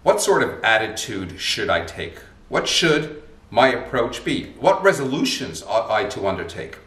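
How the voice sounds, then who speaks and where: A man's voice: medium pitch, big pitch swings, measured pace, fairly bright tone. A man, a rabbi, giving a short sermon in an emphatic, rhetorical style. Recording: roomy, mic at a distance.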